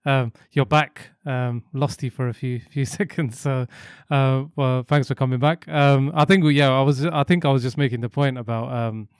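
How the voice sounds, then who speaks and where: A man's voice: mid-range voice, fairly even intonation, normal speed, hardly any pauses, clear, resonant tone, no echo, clean studio sound. A man hosting a casual interview podcast, asking rambling questions with many fillers. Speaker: podcast host.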